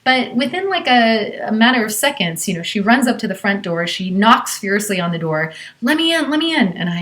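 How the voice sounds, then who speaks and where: Woman storyteller from Southern California, conversational and chatty, mid pitch. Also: a bit bright. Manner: conversational, with many fillers. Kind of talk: live personal storytelling.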